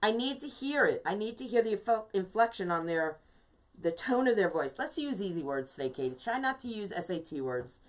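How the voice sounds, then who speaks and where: A woman's voice: mid-range voice, big pitch swings, fairly quick. Chatty emphatic woman in her fifties. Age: 50s. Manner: chatty and emphatic, greets viewers by name. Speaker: craft instructor and shop owner. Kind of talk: live-streamed craft tutorial.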